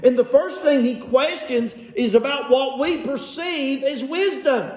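A man's voice: very high voice, a little slow, darkish tone. A man preaching a sermon from scripture, asking his congregation rhetorical questions and paraphrasing the text with sarcasm. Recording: echoey room.

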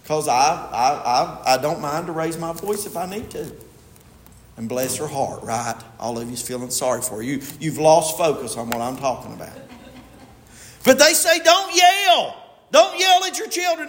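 Emphatic preacher in echoey hall. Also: male voice, sits high. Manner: emphatic, swings from loud stresses to quiet asides. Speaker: pastor. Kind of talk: sermon. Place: church sanctuary. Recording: echoey hall with long reverb.

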